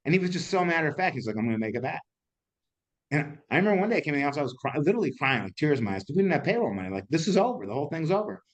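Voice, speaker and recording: A middle-aged man, an entrepreneur, telling candid stories in an interview, animated and laughing, now and then swearing. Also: on the high side, racing. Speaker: entrepreneur guest.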